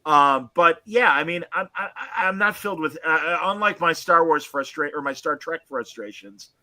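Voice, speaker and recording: A man's voice: fairly high pitch, lively intonation, moderate pace, sharp tone, no room sound. A man co-hosting a casual film review chat, talking emphatically and restarting his sentences often. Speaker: podcast co-host.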